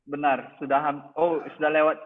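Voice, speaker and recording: A man's voice: on the high side, flat delivery, brisk. A man with an Indonesian accent teaching an English test-prep class. He quizzes the students and explains each answer. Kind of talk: TOEFL listening class review. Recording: tinny phone-like sound with long echo.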